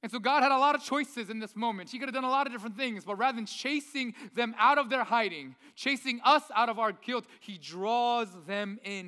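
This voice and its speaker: A male pastor, around his thirties, preaching in a lively, conversational way with many rhetorical questions. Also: very high voice. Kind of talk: sermon. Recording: long reverb of a large hall.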